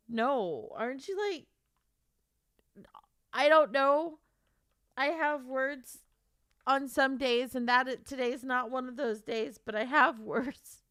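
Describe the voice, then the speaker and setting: A woman's voice: sits high, slow pace, fairly bright tone, no echo, clean studio sound. A young woman streaming casually to her chat, teary and stuffed up, laughing through her tears and swearing.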